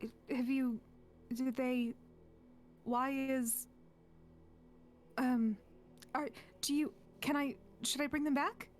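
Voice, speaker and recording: A gentle, anxious adventurer, voiced by a woman at a tabletop game, speaking in a high voice. The words come out halting and hesitant, in a soft near-whisper. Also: steady tone, a little hiss or hum. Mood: worried. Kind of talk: in-character role-play.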